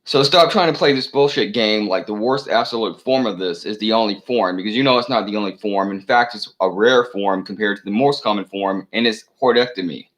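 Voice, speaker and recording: A man's voice: on the low side, a little fast, hardly any pauses, a bit bright, poor audio. A man delivering a rambling solo rant to camera, full of profanity, fillers and false starts. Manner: profane, meandering, many fillers and restarts. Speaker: channel host.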